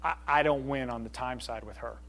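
Speaking earnestly to a group at a brisk clip, this middle-aged man has a medium, slightly bright voice, with a bit of noise behind him. He runs the session casually, taking questions and frequently checking on his audience.

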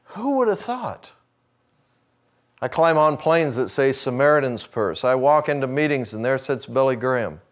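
A middle-aged man, preaching in a folksy, storytelling way and acting out dialogue, dropping to a hush for quoted lines. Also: mid-range voice, normal speed, few pauses. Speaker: speaker addressing a men's gathering. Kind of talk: sermon with personal story.

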